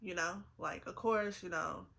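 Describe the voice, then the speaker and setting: Unhurried and lowish, with vocal fry and a fairly bright tone, a vlogger in her twenties chats earnestly as she gets ready on camera. She keeps repeating things for emphasis while trying not to cry.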